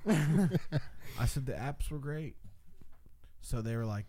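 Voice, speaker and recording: Casting: man, mellow dark voice, animated profane storyteller among friends. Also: medium pitch, brisk. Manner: animated, profane, acts out quotes. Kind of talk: casual storytelling.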